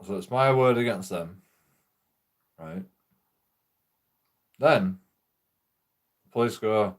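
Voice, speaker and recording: Guy streaming a game, rambling story full of swearing, laughs a lot, average pitch. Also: expressive, slow, gravelly, long pauses. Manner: rambling, profane, laughs often. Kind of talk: casual storytelling while gaming.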